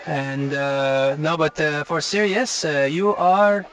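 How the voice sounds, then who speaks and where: A man's voice: fairly high pitch, fairly bright tone, poor audio. A man playing a bumbling French Canadian podcast host with a French Canadian accent, interviewing someone in a restaurant with many fillers and restarts. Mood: chatty. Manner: halting, full of filler sounds and restarts. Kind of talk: comic on-the-road interview.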